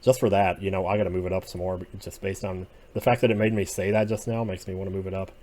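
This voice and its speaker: Man, lowish voice, casual solo commentary, rambling, opinionated, mutters then bursts out. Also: little pitch movement, fast, a little mellow. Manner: rambling, opinionated, swings between muttering and outbursts. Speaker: video creator ranking TV episodes.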